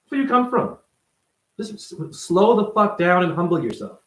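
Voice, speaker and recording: A man with a fairly high voice preaches at the listener in a profane, confrontational rant. His pitch swings widely as he fires off one rhetorical question after another. The recording has a roomy echo. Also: big pitch swings, moderate pace, a bit bright. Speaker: self-styled spiritual teacher. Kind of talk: ranting monologue to camera.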